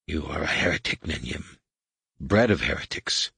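A man reading an audiobook and voicing a majestic, menacing alien overlord who speaks in a hushed, whispered rumble, slow and commanding. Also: animated, vocal fry, breathy edge, no echo, heavily acted.

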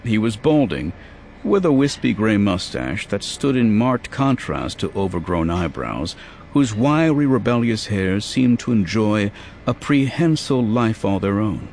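A man narrating a story in a steady, even storytelling manner. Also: fairly low pitch, a little slow, a little hiss or hum. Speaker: audiobook narrator. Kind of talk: scripted narration.

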